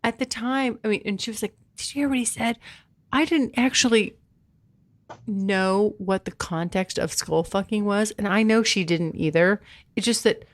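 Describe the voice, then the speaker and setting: A woman's voice: mid-range voice, moderate pace, dry recording. A woman hosting a podcast, talking candidly in a loose, chatty way full of fillers and laughter. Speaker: podcast host. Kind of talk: candid casual chat.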